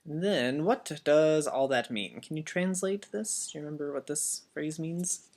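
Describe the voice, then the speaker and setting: A teacher giving a Biblical Greek lesson as a voice-over, speaking deliberately and repeating each word so learners can copy it. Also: medium pitch, expressive, a little mellow. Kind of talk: slow instructional voice-over.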